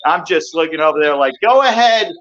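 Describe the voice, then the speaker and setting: A man on a casual call, telling a heated story in profane, worked-up bursts with loud shouted quotes. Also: fairly high pitch, animated, brisk, highs cut off. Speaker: call-in guest.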